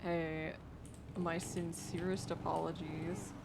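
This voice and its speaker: Drowsy gravelly young woman streamer. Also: fairly low pitch, level tone, slow pace, very noisy. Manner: laid-back, profane, laughs easily. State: sleepy and worn out. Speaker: livestreamer playing a roleplay game. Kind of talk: casual stream chatter.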